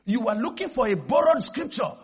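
A male preacher giving an animated sermon, calling for congregation responses and shouting at peaks. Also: very high voice, brisk, husky.

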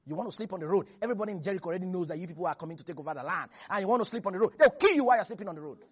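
A preacher gives an animated sermon, laughing often and acting out the quotes in the scripture. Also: mid-range voice, very fast, slightly rough, dull audio.

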